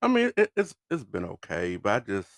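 Middle-aged guy, low gravelly voice, lots of ups and downs in pitch, trails off a lot. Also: brisk, no echo, studio quality. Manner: hesitant, trailing off, relaxed. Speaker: podcast co-host. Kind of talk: casual chat.

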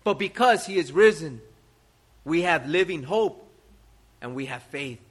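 A man's voice: on the high side, lively intonation, unhurried, fairly bright tone, husky. A male pastor preaching a sermon, asking rhetorical questions and repeating key phrases for emphasis. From United States.

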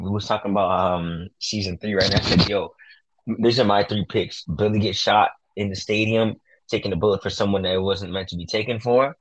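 A young man co-hosting a casual podcast, talking excitedly and boasting, full of slang, about calling his predictions. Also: low voice, lo-fi sound. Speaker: podcast co-host.

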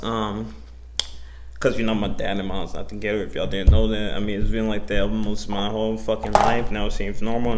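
A young man hosting his own podcast, talking in a rambling, profane, animated way, full of slang and self-interruptions. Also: on the low side, slight background noise. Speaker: podcast host. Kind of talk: casual solo podcast monologue.

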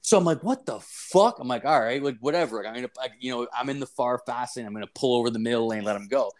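A young man retells a story in loose, profane chat, leaning on fillers and swearing at every turn. His voice sits in an ordinary middle pitch. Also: racing. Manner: crude, swearing constantly, filler-heavy, animated retelling.

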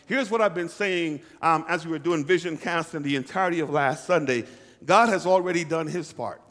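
A man's voice: fairly high pitch, fairly quick, a bit bright. Man preaching in an echoing church hall. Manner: preaching with call-and-response, repeating lines for emphasis. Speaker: pastor. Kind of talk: sermon.

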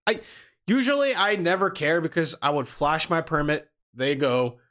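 A man's voice: a little high, moderate pace, fairly bright tone. A man telling a long personal story in casual talk, rambling with restarts and swearing freely. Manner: rambling, swears freely, acts out quoted people.

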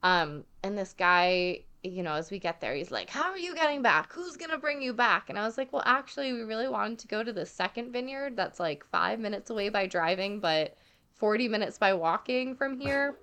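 A woman's voice: mid-range voice, normal speed, smooth. A young woman telling a travel story in casual chat, full of "like" and acted-out quotes. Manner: chatty, heavy filler "like", animated quoting.

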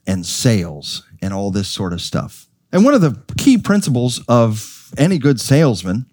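A middle-aged man preaching with emphatic energy, tossing rhetorical questions at his listeners. His voice sits at an ordinary pitch but leaps upward for stress. The recording is dry, with little room sound. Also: darkish tone, dry recording. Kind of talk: sermon.

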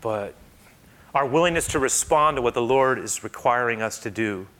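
Male pastor, bright and forceful, conversational sermon delivery. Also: mid-range voice, moderate pace. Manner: conversational, animated storytelling with frequent "right?".

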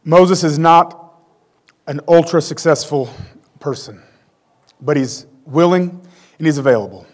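A man's voice: a little high, measured pace, long pauses. A man in his forties preaching a conversational sermon with self-deprecating humor. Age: 40s. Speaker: pastor.

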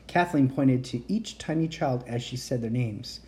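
A woman reading a children's chapter book aloud in a gentle, unhurried storytelling manner. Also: low-pitched, animated. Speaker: reader.

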